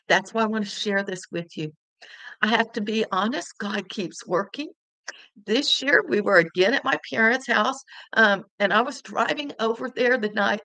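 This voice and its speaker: Older lady sharing a faith story, bright gravelly voice, dry close sound, kinda teary. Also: mid-range voice, no room sound, low-quality recording. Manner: earnest, emotional, tearful at times. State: crying. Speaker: podcast host. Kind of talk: personal faith testimony.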